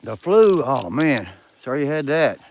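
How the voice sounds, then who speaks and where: A man's voice: mid-range voice, very animated, moderate pace, a little hiss or hum. A man, hosting a casual outdoor livestream and greeting viewers by name, speaking close to his camera outdoors. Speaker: livestream host. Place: outdoors in snow. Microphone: phone or camera held close.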